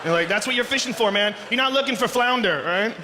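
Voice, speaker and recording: A man doing a profane, animated stand-up comedy set, often shouting and acting out voices on a large live stage. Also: high voice, fast talker, background noise. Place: large live venue with audience. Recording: live stage recording with long hall reverb.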